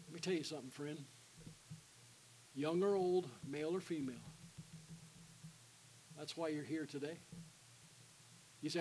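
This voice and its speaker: A man's voice: fairly high pitch, fairly even intonation, moderate pace, pauses often, slight background noise, rough recording. Preacher man, call-and-response sermon. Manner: call-and-response with the congregation, alternating loud and hushed. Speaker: guest preacher. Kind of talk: evangelistic sermon. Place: church sanctuary.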